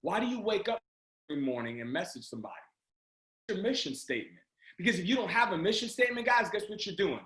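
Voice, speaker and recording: A man giving an energetic motivational pep talk to a sales team over a video call, often shouting and urging listeners on. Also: high-pitched, quick pace. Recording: roomy video call audio.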